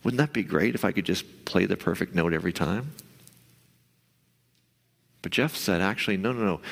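A male pastor giving a conversational sermon, now and then acting out the voice in your head in a higher, pushier tone. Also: creaky, a bit bright, big-room sound. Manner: conversational, acts out inner voices in a raised pitch.

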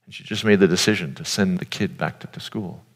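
Gravelly low-voiced man preaching in a hall. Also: brisk. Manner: earnest, informal, addresses audience directly. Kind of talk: conversational sermon. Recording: long hall reverb.

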